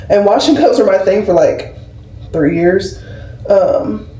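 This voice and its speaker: Young woman, twenties, casual vlog chat, animated storytelling, mellow voice, echoey room, slightly distant. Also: medium pitch, slow. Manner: chatty, animated storytelling with lots of fillers. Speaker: nurse and vlogger. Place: indoors at home, doing her hair. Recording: roomy and a bit distant.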